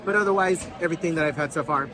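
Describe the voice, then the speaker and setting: Talking very fast in a fairly high voice, this cruise vlogger and channel host chats upbeat and straight to his viewers as he narrates aboard the ship. Music and crowd noise from busy venues carry behind him.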